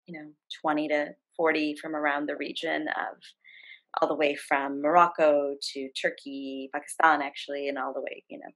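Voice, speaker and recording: A woman's voice: sits low, normal speed, poor audio. A middle-aged woman on a video call, telling a story from her work as a facilitator and acting out the quotes of the people in it. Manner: warm, animated retelling with acted-out quotes. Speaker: facilitator and guest. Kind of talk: storytelling in a conversation.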